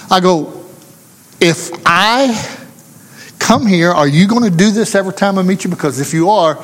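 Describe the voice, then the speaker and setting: A man's voice: high voice, long reverb tail. A man preaching a sermon, telling a folksy story and acting out the voices of the people in it. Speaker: pastor.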